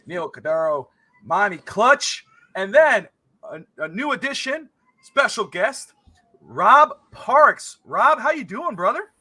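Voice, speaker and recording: A man's voice: high voice, bright, forceful tone, a little hiss or hum. A man hosting a casual sports talk show, chatty and emphatic, on a close mic. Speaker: podcast host.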